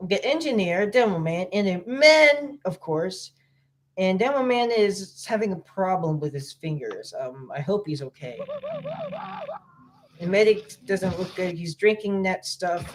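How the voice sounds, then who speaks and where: A woman's voice: mid-range voice, background noise. A woman giving casual reaction commentary on a video, rambling and guessing aloud with many fillers.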